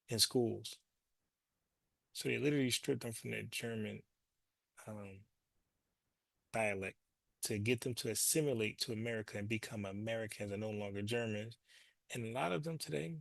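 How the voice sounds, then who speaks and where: A man's voice: medium pitch, vocal fry, a bit bright, no echo. A man hosting his own show, talking loosely and profanely and doubling back on his words as he explains. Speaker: show host. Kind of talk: casual commentary monologue.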